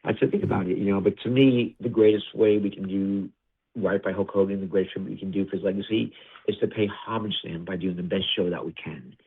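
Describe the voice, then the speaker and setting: Fast-talking man on a phone line. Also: low-pitched, breathy edge. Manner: fast, animated storytelling with many restarts. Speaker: interview guest, wrestling producer. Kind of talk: casual interview talk.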